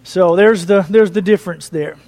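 A man preaching a sermon, animated, asking the congregation questions as he retells a passage. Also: high-pitched, moderate pace. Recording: long reverb of a church hall.

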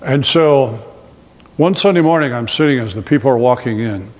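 A man in the pulpit preaching to a live congregation, his voice at a middle pitch. He tells stories with a joking, self-deprecating touch and keeps throwing questions to the crowd. The recording carries a long reverb tail from a large hall. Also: expressive, moderate pace, a little mellow. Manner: humorous storytelling with audience questions. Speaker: pastor. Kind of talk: sermon.

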